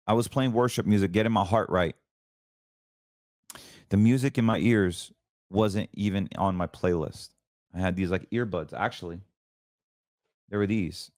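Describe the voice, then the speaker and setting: A man with a very deep voice gives an earnest, preachy personal testimony, and he sinks into quieter tones as he gets emotional. He sounds middle-aged, and his voice is recorded close and dry, with no room sound. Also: a little slow, pauses often, no echo. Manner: earnest and preachy, voice drops low when emotional. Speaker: podcast host. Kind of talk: personal testimony in casual talk.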